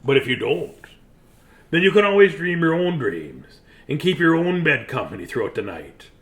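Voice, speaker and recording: A man hosting a bedtime story video, hoarse, talking in a playful, silly way with pirate growls. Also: on the high side, very animated, normal speed, fairly bright tone. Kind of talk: casual bedtime sign-off to viewers.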